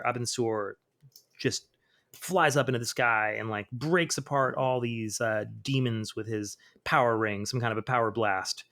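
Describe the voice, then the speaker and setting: A man's voice: mid-range voice, measured pace, fairly bright tone. A man hosting a comics podcast, chatting casually with lots of fillers and reading quoted lines with dramatic flair. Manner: reads quotes with dramatic flair between laid-back asides. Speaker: podcast host. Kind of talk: casual comic book commentary.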